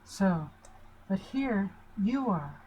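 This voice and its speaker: An older woman talks slowly and gently in a chatty teaching manner, checking in with her listeners as she goes. Her voice is mellow and soft-edged. Faint background hiss sits under her voice. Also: medium pitch, animated, lo-fi sound. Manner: chatty and reassuring, asks her listeners questions. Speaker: family relationship teacher. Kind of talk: informal talk at a whiteboard.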